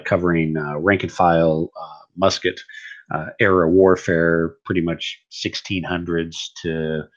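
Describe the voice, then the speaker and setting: A man's voice: low-pitched, husky, lo-fi sound. A man hosting a live wargame stream, talking casually in a rambling, stop-start way full of fillers. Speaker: wargame channel host.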